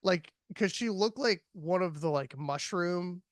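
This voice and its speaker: A man in his thirties chats loosely as a podcast host, his fairly high voice smooth and resonant. He rambles through his points with plenty of fillers and laughs. The sound is dry and close, with no room around it. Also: measured pace, no room sound. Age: 30s. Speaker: podcast host reviewing a horror film. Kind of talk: casual chat.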